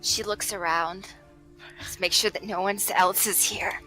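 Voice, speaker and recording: Lively, bright-voiced woman player. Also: mid-range voice, measured pace, faint music behind, poor audio. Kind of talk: describing her character's actions in a tabletop game.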